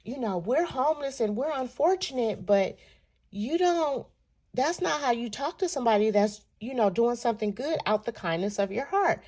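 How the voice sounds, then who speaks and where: Brief: woman playing a gentle, thankful homeless woman, higher voice. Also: expressive, normal speed. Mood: earnest. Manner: soft, earnest, thankful. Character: grateful, polite homeless woman.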